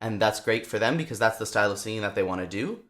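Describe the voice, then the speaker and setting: A man's voice: on the low side, fast. Upbeat young male vocal coach. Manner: lively, demonstrates voice sounds. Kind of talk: singing lesson to camera.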